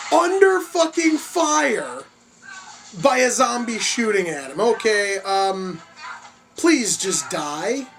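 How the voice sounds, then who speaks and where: A foul-mouthed reaction vlogger chats casually through a horror film, cheering at the gory bits. The voice sits in a middle pitch and sounds set back from the microphone. Faint music plays underneath. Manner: excitable, profane, openly gleeful at gore. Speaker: movie reaction host. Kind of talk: casual movie reaction commentary. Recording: distant mic with faint music behind.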